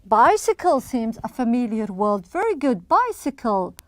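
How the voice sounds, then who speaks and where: A woman teaching English to young children in an online lesson, slow and encouraging, with frequent praise. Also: on the high side, big pitch swings, darkish tone, no room sound.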